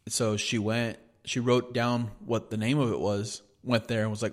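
A young man with a somewhat low voice. He co-hosts a podcast in easygoing chat and tells stories loosely, with plenty of swearing and "dude.". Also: level tone, normal speed, hardly any pauses. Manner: laid-back, profane storytelling, says "dude" a lot. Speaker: podcast co-host. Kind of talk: casual chat.

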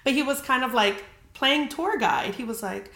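A young woman hosting a podcast chats her way through a story, swearing freely and filling it with "like." Her voice is high, at a moderate pace, pushed and bright, and the recording carries a roomy echo.

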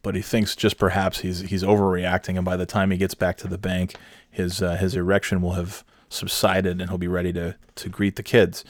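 A man telling a comic story recap in a rambling, hesitant, deadpan way. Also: low-pitched, a little fast, no echo, clean studio sound.

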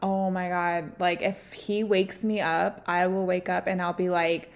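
A young woman co-hosting a podcast, telling stories in casual chat with blunt, profane, animated delivery. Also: lowish voice, measured pace, few pauses. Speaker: podcast co-host.

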